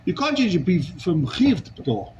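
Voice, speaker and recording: A man's voice: high-pitched, wildly swooping pitch, normal speed, darkish tone, highs cut off, slight background noise. A man teaching a Talmud class, arguing a legal case with rhetorical questions and Hebrew and Aramaic terms.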